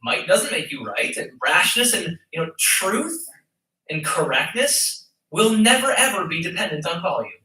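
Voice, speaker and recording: An emphatic male pastor preaching, with a high, very bright voice that cuts through. He stands back from the mic in an echoey church sanctuary, so the room rings around his words. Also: sing-song, normal speed, distant mic. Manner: emphatic, mocking put-on voices when quoting. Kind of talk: sermon.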